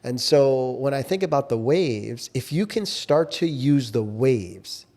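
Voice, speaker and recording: Mellow-voiced, earnest man podcast co-host. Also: mid-range voice, lively intonation, measured pace. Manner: reflective, earnest, coaching tone. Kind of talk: casual chat.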